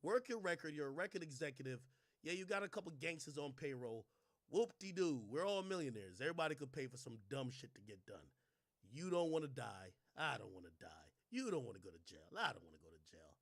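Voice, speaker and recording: A young man ranting in casual commentary, mocking and swearing, swinging from low mutters to loud outbursts. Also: very animated, fairly quick. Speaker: commentary streamer.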